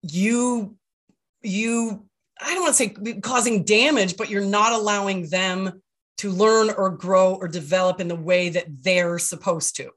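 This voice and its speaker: Woman podcast co-host, reflective, works ideas out aloud; an average-pitched voice. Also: steady tone, measured pace, fairly bright tone. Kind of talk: casual chat.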